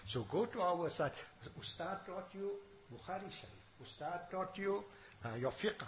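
A male Islamic teacher giving a sermon to students, mixing Arabic terms into his English and reciting verses quickly. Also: sits high, expressive. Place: madrasa. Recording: dull lo-fi recording with faint hiss.

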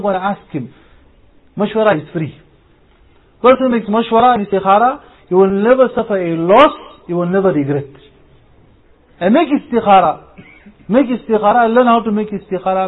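A high, husky-voiced man preaches to youngsters, repeating his points and firing off rhetorical questions. The sound comes through a narrow, phone-like lo-fi recording. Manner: repetitive, rhetorical questions, anecdotal. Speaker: Muslim preacher. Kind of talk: Islamic talk to youth.

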